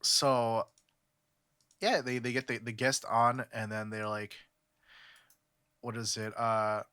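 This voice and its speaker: A man's voice: mid-range voice, little pitch movement, slow pace, pushed and bright, clear, resonant tone, no echo. A young man from California chatting on a podcast, rambling with lots of fillers and restarts. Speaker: podcast co-host. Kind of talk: casual podcast chat.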